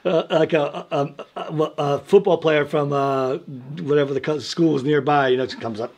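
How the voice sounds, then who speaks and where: Husky fifties New man, raised pitch, animated anecdote-teller. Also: moderate pace. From New York. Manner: animated storyteller, loud when acting out quotes. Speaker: guest musician. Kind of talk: casual interview storytelling.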